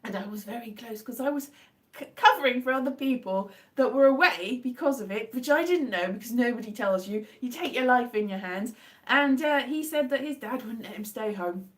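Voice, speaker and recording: A woman, hoarse from a cold and sore throat, chatting in a rambling, self-deprecating way on a casual live stream from home. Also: a little high, lively intonation, fairly quick. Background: her own faint guitar strumming.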